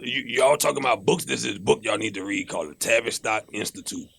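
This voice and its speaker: A man's voice: fairly low pitch, fast talker, creaky, a bit bright, husky. A man who is a historian guest on a podcast, explaining things earnestly in casual chat.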